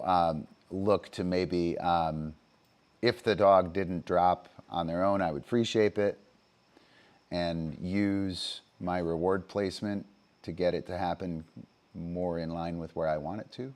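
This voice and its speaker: A man with a very deep, low voice talks through his dog-training methods on a livestream. He speaks off the cuff, stopping often to say "um" and to check in with "right?". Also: steady tone, slow, a little mellow.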